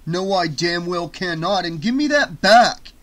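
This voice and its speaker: A man voicing a loud, blustering, hot-tempered young man in an audiobook. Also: fairly high pitch, lively intonation, moderate pace, breathy edge. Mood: angry. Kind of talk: audiobook character voice.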